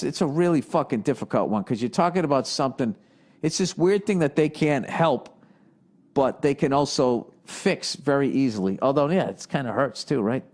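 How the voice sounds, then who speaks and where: A man hosting a podcast, reading listener questions aloud and riffing on them in a profane, exasperated comedic rant. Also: mid-range voice. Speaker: podcast host. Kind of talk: ranting comedic monologue.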